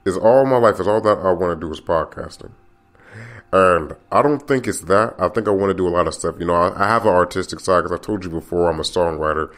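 A man's voice: low voice, fast, fairly bright tone. A man hosting his own podcast, talking alone in a rambling, confiding way and often repeating and restarting his phrases. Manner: open and confiding. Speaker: podcast host. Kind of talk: casual solo podcast monologue.

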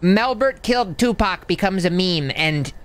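A man's voice: sits high, lively intonation, a little slow, a bit bright. A man playing his character in a joking online role-play game, teasing and bantering with other players. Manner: joking, plays a mock Canadian with "eh".

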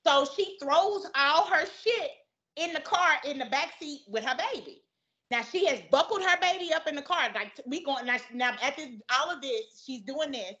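A young woman spins a profane, dramatic tale in a casual podcast chat, jumping into each character's voice. Her voice sits high and sounds bright and sharp. The audio comes through slightly dull and lo-fi. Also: moderate pace. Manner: profane, dramatic storyteller who acts out both sides of arguments. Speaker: podcast guest. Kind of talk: animated storytelling in casual chat.

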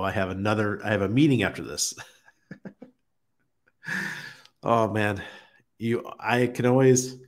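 A man hosting a casual livestream, chatting easily with viewers and chuckling often as he reads their comments. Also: on the low side. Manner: relaxed, chuckles often, greets chat viewers by name. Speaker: crypto livestream host. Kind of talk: casual live-stream chat reading viewer comments.

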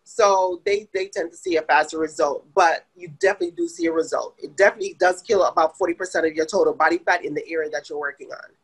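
A woman from Jamaica with a light Jamaican accent, a podcast guest who explains her spa services in a relaxed way with many fillers. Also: low voice, fast, hardly any pauses, husky, low-quality recording. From Saint Andrew, Jamaica. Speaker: guest, med spa owner. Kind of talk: casual interview answers.

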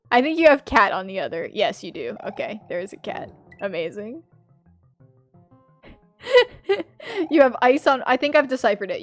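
A woman streaming a platform game, chatting with her viewers, laughing a lot and yelling loudly when she fails. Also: on the high side. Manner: chatty, laughs often, bursts into loud yells at failures. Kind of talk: casual live-stream commentary.

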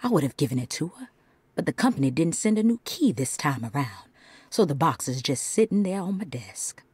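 A woman voicing an anxious young diary writer in a breathy whisper, as a whispered role-play in a game. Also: deep voice, big pitch swings, a little fast, darkish tone, dry recording, full character voice.

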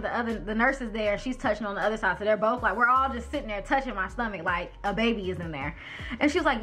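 A young woman speaks straight to her viewers in a candid, animated way. Her voice is bright and forward, and she acts out the people in her story. Faint music plays underneath. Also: mid-range voice. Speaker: vlogger.

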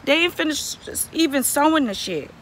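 A woman's voice: high-pitched, animated, moderate pace, fairly bright tone, slight background noise. A young woman vlogger ranting casually to camera, exasperated and profane, repeating herself for emphasis. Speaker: beauty vlogger reviewing a wig.

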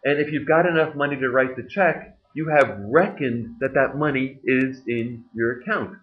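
Lively preaching man, lo-fi church tape. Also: mid-range voice, moderate pace, a little hiss or hum. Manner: conversational preaching with jokes and laughs. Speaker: pastor. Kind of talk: sermon.

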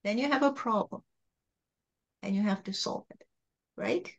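A woman channeling God as a calm, patient spirit, speaking in a gentle, repetitive teaching tone. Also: medium pitch, measured pace, dull audio, natural voice.

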